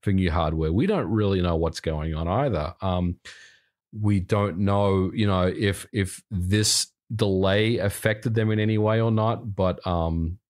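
A man's voice: low-pitched, measured pace, a little mellow. A man who is a game developer, speaking as a guest in a casual podcast discussion and often restarting his sentences hesitantly.

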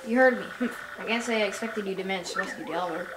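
A woman's voice: mid-range voice, fast talker, background noise, lightly acted. A woman playing a stubborn sneering rival. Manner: sneering, defiant. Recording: roomy with game music behind.

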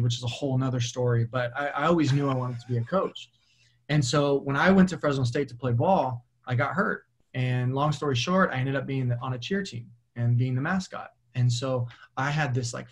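A man, a guest coach telling stories in a casual interview. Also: mid-range voice. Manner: animated storyteller who acts out quoted dialogue. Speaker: podcast guest, mental performance coach. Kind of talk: casual storytelling.

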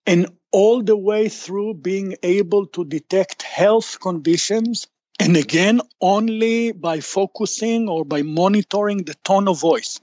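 A man's voice: high voice, measured pace, a little mellow, dry recording, lo-fi sound. A man who founded a startup, a guest on a podcast interview, explaining his work at length with many restarts and fillers.

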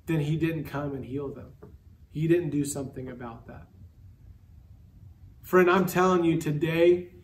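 High-voiced preaching man, heard from afar. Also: darkish tone, far from the mic. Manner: earnest preaching, drops low and slow on key words. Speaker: pastor. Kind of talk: sermon. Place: church sanctuary.

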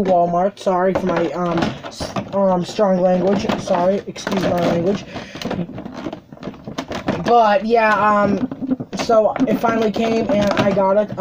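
Rambling, swearing toy-collector vlogger over noise. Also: mid-range voice. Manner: rambling, joking, swears often, then apologizes; many filler ums and restarts. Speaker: toy collector unboxing a figure. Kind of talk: casual unboxing vlog. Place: bedroom at home. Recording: noisy home recording.

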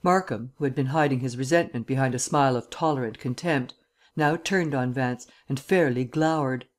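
A man narrating a classic mystery novel as an audiobook in a measured, even way. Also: medium pitch. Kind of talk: scripted narration.

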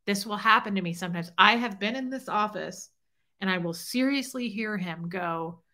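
A woman's voice: mid-range voice, moderate pace, pushed and bright. A middle-aged woman hosting a casual livestream, talking openly and emotionally while reading viewer comments. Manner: heartfelt, openly emotional, chatty. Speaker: livestream host.

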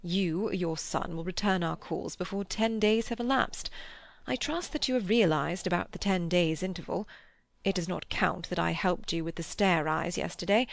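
A woman voicing a genial, talkative middle-aged clergyman in an audiobook, with a gravelly edge. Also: fairly low pitch, normal speed, no echo. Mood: amused. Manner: amused, talkative.

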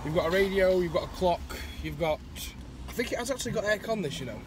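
Yorkshire man, slightly high voice, jokey co-host, faint noise behind, in-car vlog. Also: animated, fast. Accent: Yorkshire English. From Yorkshire, England. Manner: jokey, laughing often, loud sign-off calls. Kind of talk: casual banter. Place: inside a parked car.

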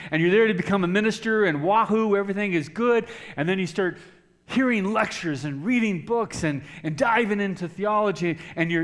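A high-pitched male voice belongs to a middle-aged pastor relating a personal story from the pulpit. At times he speaks softly and quietly, at others he shouts.

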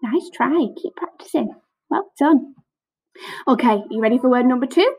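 A woman teaching a phonics lesson to young children on camera, sounding out letters slowly with lots of praise. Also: high voice, animated, a little mellow, slightly rough, rough recording. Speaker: primary school teacher.

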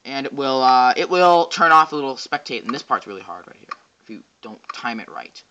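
Goofy excitable man narrating gameplay. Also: medium pitch, fairly quick, hardly any pauses. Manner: goofy, excitable, rambling, jokes to himself. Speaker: game reviewer. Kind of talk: casual gameplay commentary.

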